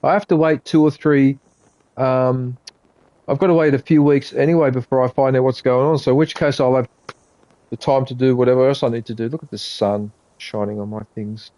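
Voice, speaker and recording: A man's voice: medium pitch, steady tone, a little fast, warm tone, dry recording. A man with an Australian accent chatting casually to his live-stream viewers while he plays a game. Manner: rambling, chatty, talks to viewers between game remarks.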